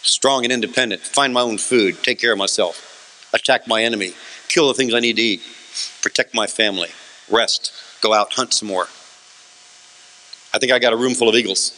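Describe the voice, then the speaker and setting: Animated man giving a bright motivational talk. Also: medium pitch, normal speed, long pauses. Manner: lively, asks the room questions and answers them. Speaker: motivational speaker. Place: room with a live audience.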